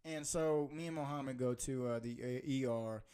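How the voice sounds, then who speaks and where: A young man hosting a podcast, telling an animated story with lots of laughing and "bro". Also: medium pitch, moderate pace, clean tone. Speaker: podcast host. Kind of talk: casual storytelling chat.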